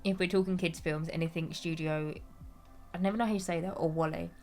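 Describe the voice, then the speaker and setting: A woman's voice: lowish voice, fairly even intonation, brisk, a little mellow, soft background music. Chatty woman streamer, giggly. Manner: chatty, giggly, reads chat aloud. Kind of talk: casual livestream chat.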